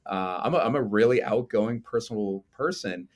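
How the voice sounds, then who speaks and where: A man in his forties with a fairly low voice speaks as a guest on a podcast. He talks in long, animated runs and often checks in with tag questions. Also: normal speed. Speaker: strength coach and lecturer, podcast guest. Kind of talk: casual conversational interview.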